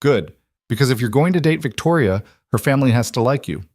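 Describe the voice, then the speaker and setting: A man's voice: mid-range voice, expressive, a little fast, a little mellow, no room sound, clean studio sound, voice pushed up, natural voice. A man voicing a bouncy, bossy eight-year-old girl who talks eagerly and with total certainty. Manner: eager, matter-of-fact, insistent.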